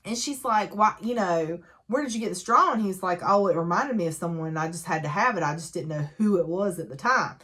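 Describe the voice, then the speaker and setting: A woman's voice: on the low side, expressive, a little fast, hardly any pauses, fairly bright tone. A woman casually recapping a novel, chatty and gushing, slipping into the characters' lines as she goes. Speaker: book reviewer.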